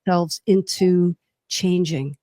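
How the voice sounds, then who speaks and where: A woman's voice: lowish voice, steady tone, slow pace, warm tone, no echo, clean studio sound. A woman hosting a podcast interview, attentive and empathetic, with reflective follow-up questions. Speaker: podcast host.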